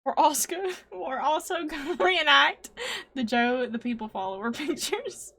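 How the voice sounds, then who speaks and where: Giggly teasing woman, slightly high voice. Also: lively intonation, unhurried, sharp tone. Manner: giggly, teasing, laughs often. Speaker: co-host of a streamer show. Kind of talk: casual chat.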